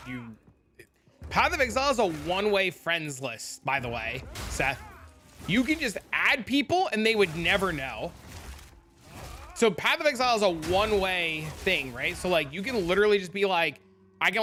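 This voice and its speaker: A man's voice: sits high, sharp tone, slight background noise. A man streaming a game and chatting casually with viewers, blunt, profane and rambling. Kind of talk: casual live-stream chat.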